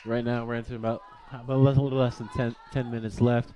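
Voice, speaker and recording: A young man giving relaxed color commentary on a college soccer game, easily amused by his partner. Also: medium pitch, quick pace. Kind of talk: live sports commentary.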